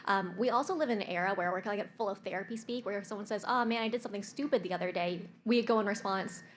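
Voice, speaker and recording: A woman's voice: mid-range voice, very fast. A woman from the audience asking the panel a question in a casual way. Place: convention panel room. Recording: faint background noise.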